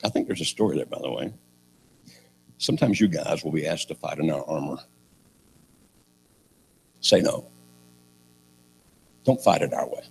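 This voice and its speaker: A man's voice: sits low, vocal fry, a little mellow, slight background noise. An older man preaching a sermon, telling a story with sarcastic humor and acting out the characters.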